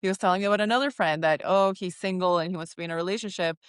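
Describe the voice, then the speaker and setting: A woman co-hosting a casual spiritual podcast, animated, laughing often and acting out her own inner voices. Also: lowish voice, racing, smooth, no echo, clean studio sound. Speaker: podcast co-host.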